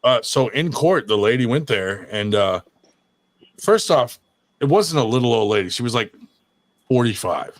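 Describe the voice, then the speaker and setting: Profane, animated male storyteller. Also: medium pitch, moderate pace, long pauses. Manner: animated, swears a lot, acts out voices in his anecdotes.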